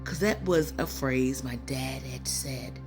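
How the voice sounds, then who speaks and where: Over soft background music, a woman in her fifties speaks slowly in an extremely low, slightly mellow voice. She hosts a spiritual channel and talks casually to viewers on her phone, rambling and personal with fillers and asides, near tears.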